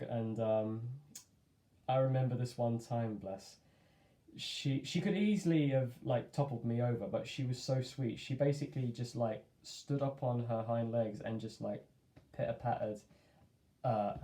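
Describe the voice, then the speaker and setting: A man's voice: medium pitch, mellow. A young man telling a rambling, chatty story, dropping in lots of "like" and laughing at himself. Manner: rambling, chatty, self-amused, heavy on filler "like". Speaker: vlogger. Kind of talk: casual storytime monologue. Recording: echoey room.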